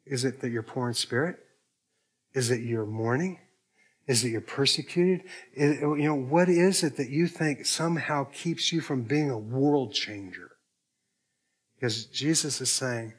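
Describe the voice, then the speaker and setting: A man's voice: medium pitch, normal speed, breathy edge. A man preaching a sermon, telling a story in a conversational way and quoting the people in it. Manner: conversational, retells dialogue with quoted voices. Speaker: pastor.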